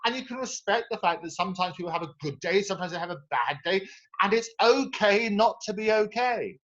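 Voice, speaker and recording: A man's voice: high voice, expressive, brisk, a bit bright, dull audio. A man hosting an interview over a video call, eager and repeating his words as he gets going. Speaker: interview host. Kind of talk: casual interview.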